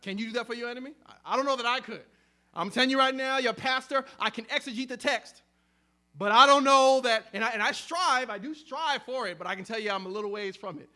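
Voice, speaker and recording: A man delivers a sermon as pastor in a very high, bright, sharp voice. He preaches emphatically, swinging between loud stressed words and near-hushed drops. He often repeats himself and restarts phrases mid-thought. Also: fast talker.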